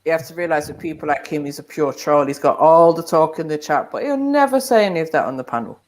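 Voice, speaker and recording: Low-voiced scolding woman. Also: expressive, fast. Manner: scolding, dismissive. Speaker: panel participant. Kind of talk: live panel argument.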